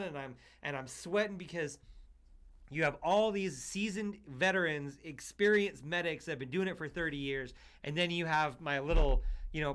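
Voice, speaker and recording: A man who hosts a podcast and works as a paramedic, telling stories in a loose, animated way with lots of "you know" and "like". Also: fairly high pitch. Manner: animated storyteller, full of fillers like "you know" and "like". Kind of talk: casual chat, telling stories.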